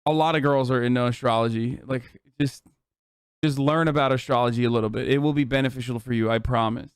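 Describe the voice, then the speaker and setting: A man in his thirties streaming live, reacting loudly to clips and chat with lots of swearing. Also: mid-range voice, steady tone, quick pace, clean tone, dry recording, clean studio sound. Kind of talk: casual live-stream commentary.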